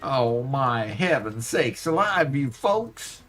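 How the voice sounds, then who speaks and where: A man's voice: mid-range voice, sing-song, slow pace, fairly bright tone, soft background music. A man putting on a folksy Southern drawl as a comic voice during a live game stream. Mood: exasperated. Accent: American Southern.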